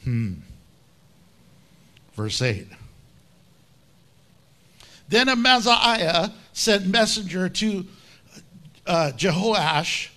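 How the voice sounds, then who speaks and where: A male pastor preaching a sermon in a folksy, conversational and animated way. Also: sits high.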